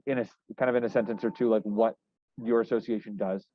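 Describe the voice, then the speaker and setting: A young man working as a news reporter, asking questions in a casual, halting way with many restarts. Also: on the low side, steady tone. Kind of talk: casual interview. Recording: dry, tinny phone-like line.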